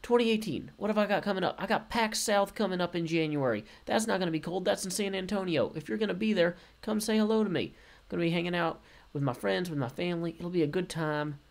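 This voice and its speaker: A man's voice: high voice, quick pace, gravelly. A man casually commenting on his game play, rambling, goofy and full of puns and self-corrections, recording away from home. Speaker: game video host. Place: relatives' home while traveling.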